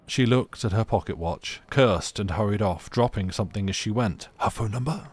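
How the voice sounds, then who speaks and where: Low-voiced man reading a game aloud. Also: normal speed, few pauses, husky. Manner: casual, chatty asides with playful restarts. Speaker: streamer. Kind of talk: live let's play, reading game text aloud.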